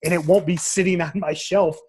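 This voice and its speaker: Husky-voiced man rambling in casual chat. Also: sits high, a little fast. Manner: rambling, restarts, relaxed slang. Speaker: podcast co-host.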